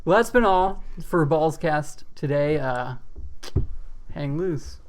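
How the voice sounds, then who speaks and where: Deadpan young man hosting a goofy podcast. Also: a little high, slow pace. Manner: deadpan mock-host delivery with frequent fillers. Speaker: podcast co-host. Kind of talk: comedic podcast banter.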